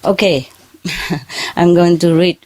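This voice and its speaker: A woman giving a spiritual lecture on a lit stage, speaking non-native English in short, halting phrases and often checking in with her listeners. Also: fairly low pitch, steady tone, no echo. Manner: gently instructive, checks in with listeners. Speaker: spiritual teacher. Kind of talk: spoken lecture to an audience. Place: brightly lit stage under spotlights.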